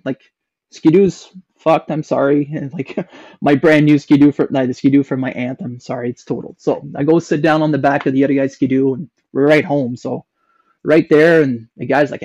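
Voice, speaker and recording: On a podcast, a young man with a Canadian English accent rambles through a long personal story, full of fillers and restarts. His darkish voice moves at a moderate pace, and the dry recording sounds dull and low-fidelity.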